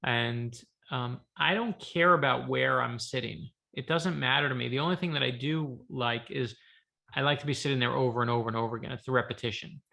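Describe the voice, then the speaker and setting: A man, an author, telling a lively story on a video call from his home office, acting out the dialogue. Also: medium pitch, fairly quick, creaky. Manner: lively anecdotal, acts out dialogue. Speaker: author guest. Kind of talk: animated storytelling.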